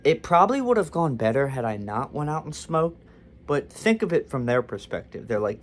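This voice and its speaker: A man's voice: mid-range voice, sing-song, normal speed, a little hiss or hum. A man telling a storytime story to camera, rambling and self-deprecating with frequent restarts. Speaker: vlogger. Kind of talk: storytime monologue.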